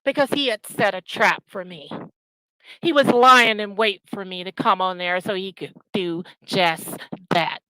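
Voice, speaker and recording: A woman's voice: mid-range voice, measured pace, bright, forceful tone, no room sound, low-quality recording. A woman hosting her own channel, ranting with profane, scornful and confrontational talk. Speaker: channel host. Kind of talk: angry ranting commentary.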